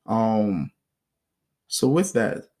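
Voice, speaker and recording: A man talking straight into his own podcast, recounting his life in a loose, unscripted monologue. He is blunt and swears freely. He stays animated throughout and acts out other people's words as he goes. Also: lowish voice, very slow. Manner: blunt, profane, animated retelling with acted quotes. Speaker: podcast host. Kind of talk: casual storytelling monologue.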